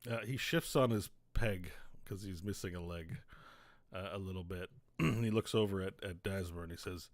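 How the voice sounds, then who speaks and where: A man narrating a tabletop game as game master, casual and halting. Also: low voice, no echo.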